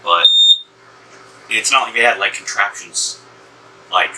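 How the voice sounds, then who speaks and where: Lower-voiced co-host chiming in. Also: male voice. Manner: quick, knowing interjections. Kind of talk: casual movie review chat. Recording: distant mic with faint room hum.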